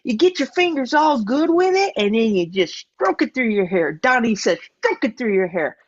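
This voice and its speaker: A woman's voice: fairly high pitch, very animated, moderate pace, dry recording, highs cut off. A woman playing a theatrical host with a Southern accent who fawns over guests, calling everyone darling and speaking of herself in the third person, in an improvised comedy sketch over a video call. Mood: gushing. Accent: American Southern. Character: gushing Southern pet-and-beauty advice host.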